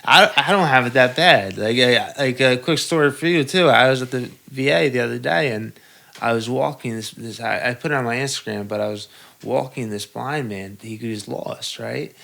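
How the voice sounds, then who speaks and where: A man's voice: medium pitch, moderate pace, vocal fry, sharp tone. A young man on a podcast, telling stories in a loose, profane, stop-start way. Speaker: podcast guest. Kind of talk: casual podcast chat.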